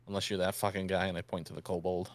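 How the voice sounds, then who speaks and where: A man's voice: low voice, flat delivery, rapid-fire. A man role-playing his character in a tabletop game, joking and crude, talking with a put-on New York accent. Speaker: player.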